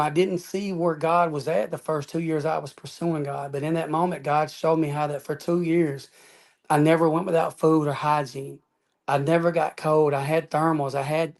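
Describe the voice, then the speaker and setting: Guy telling his story in an interview, earnest, kinda high voice, lots of man and y'all. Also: vocal fry, darkish tone. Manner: earnest, emphatic, peppers speech with "man" and "y'all". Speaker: interview guest. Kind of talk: personal testimony storytelling.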